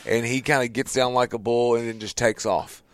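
Male host in his 30s, lively storyteller, dry close sound. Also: mid-range voice, a little fast, smooth, dry recording. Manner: animated, with voiced quotes. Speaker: podcast host. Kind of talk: casual storytelling.

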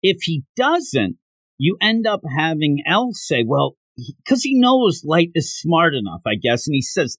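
A man co-hosts a podcast in a casual, chatty way, his voice riding a little high and swinging widely as he slips into quick impressions of characters. The sound is dry, with no room around it. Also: no echo. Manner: animated, acts out characters' lines in quick bursts. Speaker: podcast co-host.

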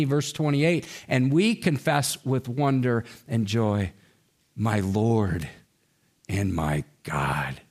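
A man preaching a sermon as pastor, slow and emphatic, with his pitch rising and falling widely for emphasis.

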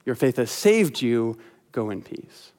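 A male preacher voicing a compassionate man gently rebuking his host, in an earnest, measured read-aloud delivery. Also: mid-range voice, very animated, voice pushed down. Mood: earnest, tender.

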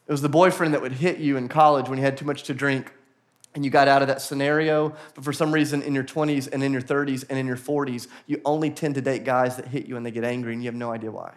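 A man preaching a sermon to a church congregation, earnest and building to animated emphasis, with quick acted-out asides. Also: mid-range voice. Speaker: pastor. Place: church auditorium.

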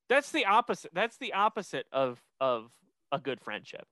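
A young man chats casually on his podcast, bouncing through a recap with frequent restarts. His voice is bright and clear, set somewhat high, and the recording is close and dry. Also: moderate pace, dry recording. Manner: rambling, many restarts, animated. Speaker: podcast host.

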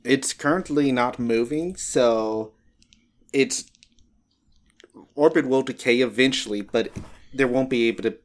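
A man running a casual tabletop role-playing game as game master, quick to exclaim at big rolls. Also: medium pitch. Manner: casual, reacts with loud exclamations.

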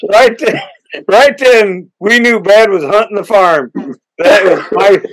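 A man hosting a hunting podcast, telling a long story in a rambling way with many restarts and excited punchlines. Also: high-pitched, rough recording. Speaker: podcast host. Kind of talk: casual storytelling interview.

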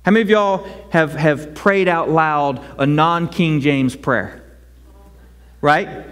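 A man preaching a sermon as pastor, conversational and animated, rising to loud cries. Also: fairly high pitch, takes it slowly, clean tone. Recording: long hall reverb.

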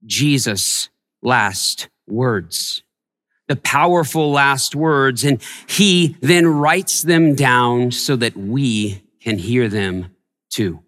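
A man preaching a sermon as a pastor, telling a personal story and growing hushed in its tender parts. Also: mid-range voice, in a large hall. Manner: storytelling, softening to a hush in tender moments. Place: church sanctuary.

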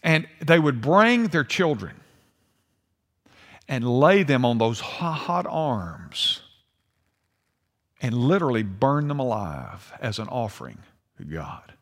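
An older man preaching a sermon, swinging between hushed and emphatic delivery. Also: mid-range voice, very animated, slow pace, long pauses. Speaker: pastor. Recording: long hall reverb.

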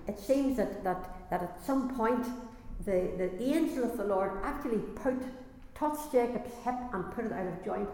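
A woman's voice: on the high side, a little mellow. Woman preacher, earnest sermon delivery with restarts, very echoey church hall. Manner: earnest, repeats and restarts phrases, rises in intensity.

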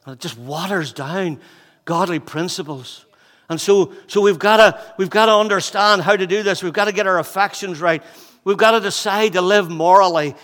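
A man of sixty preaching a sermon as pastor, fervent and repetitive, moving between loud exhortation and hushed intensity. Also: high-pitched, moderate pace, few pauses, long reverb tail. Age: 60s. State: out of breath. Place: church hall.

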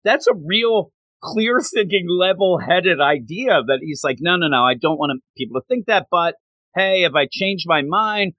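A man's voice: high-pitched, moderate pace, dry recording. A man casually chatting on a podcast, recapping a comic book with lots of laughter and acted-out character lines. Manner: animated storytelling, acts out characters' lines, laughs often.

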